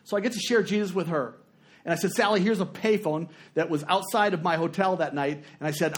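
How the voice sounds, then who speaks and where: Middle-aged male preacher with a fairly high voice; storytelling sermon that moves between quiet and emphatic. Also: moderate pace.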